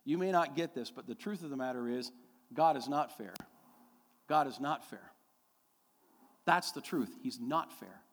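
A man's voice: medium pitch, animated, unhurried, pauses often, long reverb tail. A middle-aged man preaching a sermon as a pastor, telling a personal story and building to emphatic, repeated declarations.

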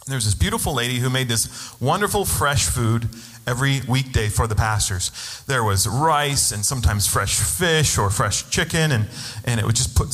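A man's voice: medium pitch, fairly bright tone, in a large hall. A man preaching a sermon as a pastor, telling a personal story and acting out the voices of the people in it. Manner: storytelling, acts out quoted voices.

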